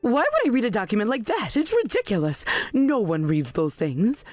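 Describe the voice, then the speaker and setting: A woman plays a proud, self-righteous mother in a text-message story drama, pitched a little high with a lively, swooping delivery. She sounds sharp and defensive, in a dry close recording with faint music behind. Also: moderate pace, no room sound. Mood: outraged.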